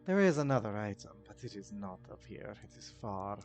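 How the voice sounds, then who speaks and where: A man's voice: lowish voice, sing-song, a little fast, a little mellow, soft background music. A man voicing a formal, ominous informant who speaks in grave, old-fashioned phrases.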